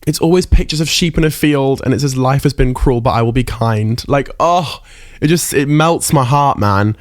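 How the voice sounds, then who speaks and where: A man's voice: medium pitch, moderate pace, dry recording. Young male podcast host, candid and teary, dry close mic. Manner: emotional, candid, swears casually. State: emotional, close to tears. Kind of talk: casual solo podcast reflection.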